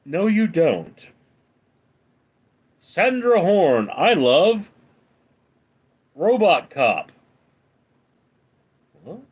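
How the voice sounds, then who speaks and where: Slow, deadpan man reading stream chat. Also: high-pitched, breathy edge. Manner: deadpan quips between read-out comments. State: up late at night. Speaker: livestream host reading chat.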